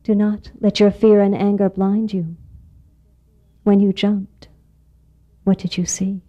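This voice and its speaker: A woman voicing a wise male frog who teaches a mouse, speaking calmly and in a measured, solemn way during a live storytelling performance. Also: mid-range voice, muffled recording.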